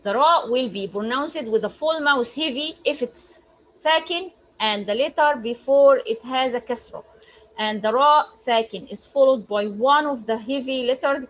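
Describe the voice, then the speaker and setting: High-voiced woman teaching recitation rules. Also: lo-fi sound. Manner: explains slowly with frequent restarts, models Arabic words aloud. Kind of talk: online tajweed lesson.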